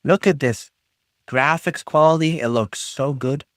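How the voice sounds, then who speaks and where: A man's voice: on the high side, a little slow, a bit bright, dry recording, clean studio sound. A man chatting on a live stream, reading his chat aloud and trading jokey teasing banter with the viewers. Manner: reads chat messages aloud and reacts.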